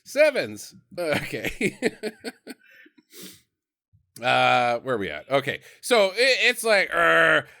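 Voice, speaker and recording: A man's voice: medium pitch, wildly swooping pitch, slow pace, creaky, long pauses, pushed and bright, clear, resonant tone. A man co-hosting a casual movie-review podcast. He swears freely, laughs often and fills his talk with "like.". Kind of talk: casual chat.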